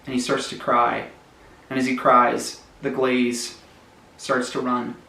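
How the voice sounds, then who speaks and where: Man, joke storyteller, deadpan, mock-tragic, roomy echo. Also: medium pitch, takes it slowly, creaky. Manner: deadpan mock-tragic narration, trailing quiet. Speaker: comedy storyteller. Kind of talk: rambling absurd joke storytelling.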